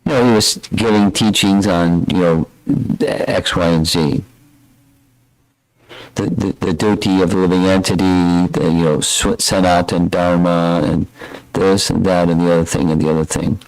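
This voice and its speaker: An older man giving a scripture class as a spiritual teacher, telling stories in a reflective, unhurried way. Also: low voice, steady tone, dry recording, low-quality recording.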